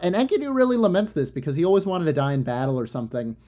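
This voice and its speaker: A man's voice: a little high, sing-song, racing, mellow. A young man casually retelling an old myth in loose, rambling slang with plenty of fillers. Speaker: storyteller.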